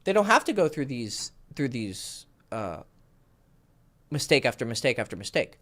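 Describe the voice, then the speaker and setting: Speaking at normal speed in a medium-pitched voice, a dating coach runs a Q&A on relationship advice. His style is animated and profane, and he performs the dialogue he quotes.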